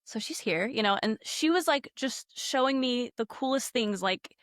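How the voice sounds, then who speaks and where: A woman's voice: on the high side, normal speed, no echo, studio quality. A woman guest on a podcast telling a ghost story casually, acting out quotes and saying "like" a lot. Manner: animated, acts out quotes, many "like" fillers.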